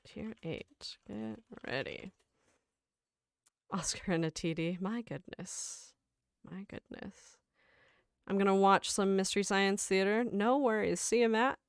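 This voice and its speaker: A woman's voice: medium pitch, takes it slowly, creaky, pauses often, clear, resonant tone, dry recording, studio quality. A woman hosting a gaming livestream, reading chat aloud in a rambling, casual way and laughing often. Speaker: livestream host.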